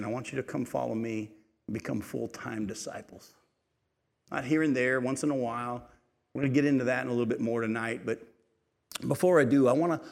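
A male preacher of middle pitch delivers a sermon in a hall with a long, ringing reverb. He reads the passage with lifted, emphatic force, then drops into a hushed, chatty retelling full of asides and questions to the listeners. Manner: rises in pitch and volume when reading aloud, drops low and quiet when retelling; conversational asides and rhetorical questions to the congregation. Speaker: pastor. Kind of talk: sermon, reading scripture and explaining it.

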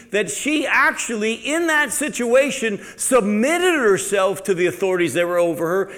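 A man preaching a sermon with a slightly higher voice than most men. He reads scripture aloud and explains it, turning to ask his listeners questions. His delivery is animated, with loud emphasis giving way to quiet asides.

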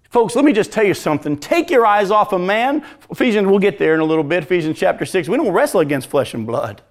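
High, gravelly-voiced preacher man. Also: big pitch swings, fast talker. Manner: preaching with wide swings from hushed to loud, asking the congregation questions. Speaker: pastor. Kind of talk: sermon.

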